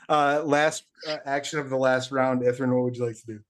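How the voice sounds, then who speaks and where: A man runs a tabletop game as its game master. His voice sits mid-range, and he laughs often between halting, filler-laden lines. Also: mid-range voice.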